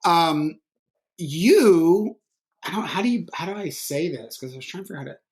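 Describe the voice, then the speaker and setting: A middle-aged man hosting a podcast interview, telling stories in a rambling, animated way full of restarts. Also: on the high side, moderate pace, slightly rough. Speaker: podcast host. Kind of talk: conversational interview.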